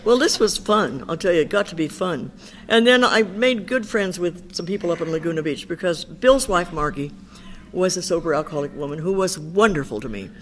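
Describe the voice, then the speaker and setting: An older woman with a lowish, fairly bright voice and lively intonation speaks a little fast at an Al-Anon meeting. She tells her recovery story candidly and conversationally, regularly quoting what others said to her.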